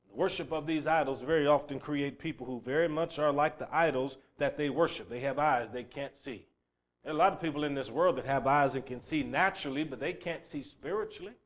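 A man preaching a sermon who swings between loud, emphatic bursts and low, quiet passages, and tells stories along the way. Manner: storytelling, acting out a crying child's shouts.

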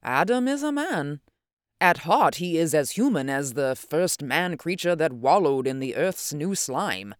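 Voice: mid-range voice, sing-song, a little slow, dry recording, clean studio sound. A reader voicing Doctor Mudson, a grave old scientist. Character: elderly scientist man, grave and musing. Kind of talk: audiobook character reading.

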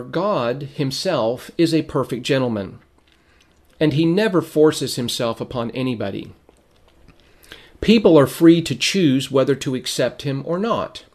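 A man teaching a sermon in a measured way, reading quotations aloud, who is losing his voice and keeps clearing his throat. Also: mid-range voice, a little mellow. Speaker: preacher.

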